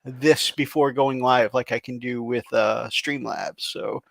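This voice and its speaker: A man's voice: medium pitch, steady tone, measured pace, vocal fry, no room sound. Upbeat male livestream co-host. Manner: upbeat, laughs often. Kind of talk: casual live chat.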